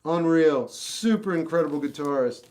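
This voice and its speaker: A man's voice: fairly high pitch, normal speed, a little mellow. A man hosting a casual livestream, reading chat questions and giving blunt, off-the-cuff opinions. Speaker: livestream host answering chat. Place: home room with a record collection.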